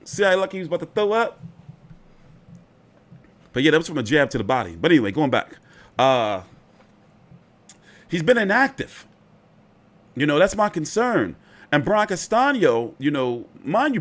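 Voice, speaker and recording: A man hosting a boxing channel, talking through fight news in a loose, chatty way, swearing freely and filling with "like" and "you know.". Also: high-pitched. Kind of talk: casual fight commentary.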